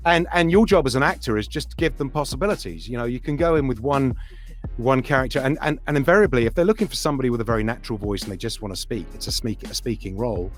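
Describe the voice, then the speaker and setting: A man's voice: medium pitch, fast talker, soft background music. A middle-aged man from England, a voice actor chatting in an interview, full of restarts and sliding into accents as he talks. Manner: animated storyteller, slips into accents and impressions, hesitant restarts. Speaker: voice actor guest. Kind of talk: casual interview chat.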